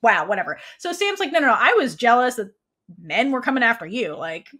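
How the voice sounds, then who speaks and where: A woman's voice: a little high, very animated, fairly quick, sharp tone. A woman co-hosting a podcast, chatting casually as she recaps a series scene by scene and acts out the characters' lines, laughing often. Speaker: podcast co-host.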